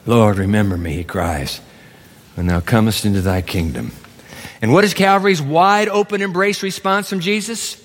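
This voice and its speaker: A man's voice: medium pitch, normal speed, slight background noise. A man preaching a sermon from the pulpit, acting out biblical dialogue in different voices. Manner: animated, acts out biblical dialogue. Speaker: pastor. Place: large church hall. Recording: reverberant church hall.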